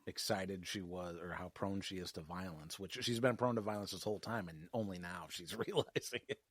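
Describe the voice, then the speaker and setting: A man's voice: deep voice, brisk, dry recording. A man co-hosting a podcast, recapping an episode in casual chat with wry, profane asides and frequent laughs. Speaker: podcast co-host.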